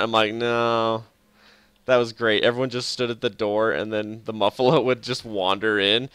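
A man's voice: fairly low pitch, a bit bright, smooth, no echo. A man casually talking through a strategy game on a live stream, often chuckling and muttering to himself. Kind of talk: casual live gameplay commentary. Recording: faint game music behind.

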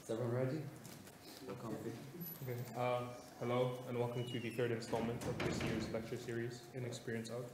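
A man's voice: medium pitch, flat delivery, brisk. A man hosting for a student society, reading a short introduction of the speaker. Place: lecture hall. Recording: distant, echoey room with loud noise.

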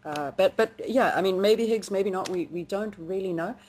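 A woman co-hosting a casual science podcast, chatty and quick to laugh, with frequent ums and restarts. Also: mid-range voice, a little mellow, slight background noise. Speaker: podcast co-host.

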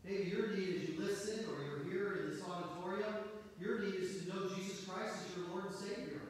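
Male pastor, high voice, earnest scripture-quoting sermon, booming hall reverb. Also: a little fast, slight background noise. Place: church auditorium. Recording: echoey hall, mic far off.

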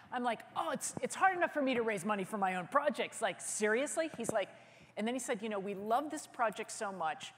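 A woman's voice: medium pitch, long reverb tail. A woman filmmaker giving a conference keynote, telling a story with energy and acting out phone conversations in quoted voices. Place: conference hall stage.

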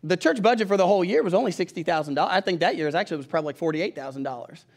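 A man, preaching from the pulpit in a casual, animated storytelling style. His voice sits high for a man, and he often restarts a thought mid-sentence. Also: very fast. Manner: conversational and animated, with restarts and acted-out dialogue. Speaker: pastor. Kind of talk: storytelling sermon.

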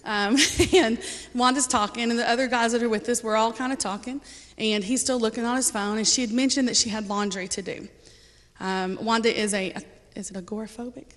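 A woman's voice: fairly high pitch, fairly even intonation, fairly quick. A woman sharing a personal testimony with a church congregation, speaking casually and earnestly with frequent ums and light laughter. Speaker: church member giving a testimony. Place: church sanctuary. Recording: reverberant church hall.

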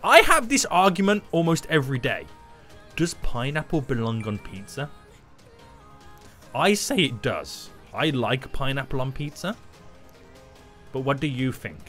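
A man giving loud, jokey commentary while playing a video game, breaking into sudden shouts. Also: medium pitch, big pitch swings, unhurried, pauses often, soft background music. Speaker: gaming YouTuber. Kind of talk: energetic gameplay commentary.

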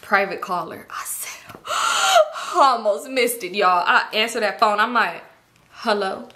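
A young woman telling a story on her channel, animated and slangy, swearing and laughing as she acts out her friends' voices. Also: mid-range voice, moderate pace. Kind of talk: casual storytime vlog.

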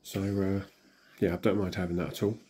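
A hoarse man, still recovering from illness, casually commenting and muttering reactions as he opens in-game crystals. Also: low-pitched, level tone, brisk, dark tone, a little hiss or hum. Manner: chatty, mutters reactions to himself. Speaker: gaming channel host.

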